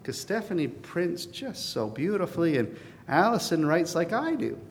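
A man preaching a sermon as pastor, earnest, swelling to emphatic peaks and then dropping to a softer, confiding tone. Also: fairly high pitch, sing-song, moderate pace, long reverb tail, slight background noise.

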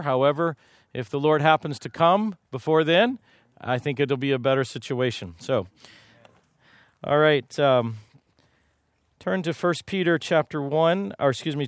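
A man's voice: fairly high pitch, no echo, clean studio sound. A man from Kansas preaching a sermon, telling folksy, humorous stories from his own life. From Kansas, USA. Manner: folksy, humorous, lively anecdotes. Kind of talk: sermon with personal storytelling.

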